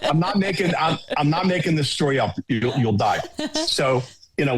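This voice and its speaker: A middle-aged man, a home shopping executive, telling lively anecdotes as a podcast guest. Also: a little high, normal speed, a crowd in the background. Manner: animated anecdote teller, quotes others. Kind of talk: casual storytelling.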